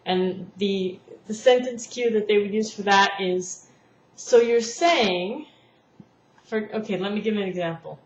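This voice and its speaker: A woman with a mid-range, steady voice talks at normal speed with hardly any pauses. She teaches language therapy and patiently walks through a lesson plan aloud, acting out classroom examples. The recording sounds roomy and dull, lo-fi with faint noise.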